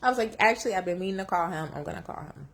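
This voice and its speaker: Tearful woman with a low voice. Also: very fast, vocal fry. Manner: reflective, emotional, lively shifts in pitch when quoting herself. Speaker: vlogger sharing a personal story. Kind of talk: candid personal storytelling.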